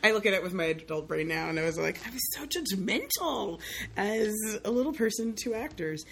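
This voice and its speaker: Her voice is medium-pitched, a little fast and slightly rough. This young woman from the Southern United States, a guest in a casual chat, tells stories with animation, performing the quoted voices and laughing frequently.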